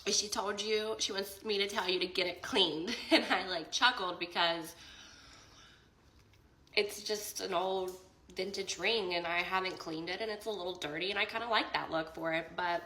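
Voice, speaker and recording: A woman's voice: medium pitch, steady tone, normal speed, sharp tone, roomy sound, poor audio. A young woman telling an emotional personal story in a casual vlog, quoting both sides of a conversation and saying "like" a lot. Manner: tearful and emotional near the end. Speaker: vlogger.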